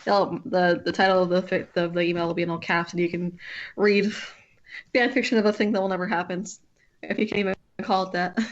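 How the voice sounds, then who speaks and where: A woman's voice: on the low side, flat delivery, fairly quick, muffled recording, slight background noise. A woman streamer chatting casually with a friend while drawing, rambling and often breaking off to restart her sentences.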